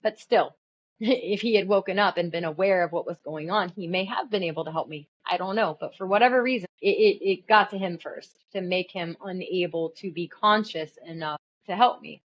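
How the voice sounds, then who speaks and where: A woman's voice: fairly low pitch, normal speed, muffled recording. Earnest woman telling her testimony. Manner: earnest, animated retelling with bursts of alarm. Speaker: testimony speaker. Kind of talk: personal testimony, storytelling.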